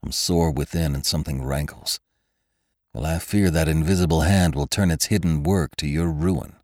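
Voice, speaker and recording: A man's voice: rumbling low, steady tone, moderate pace, a little mellow, no room sound, clean studio sound. A man voicing a bitter, hot-blooded young cowboy who speaks in clipped, intense phrases.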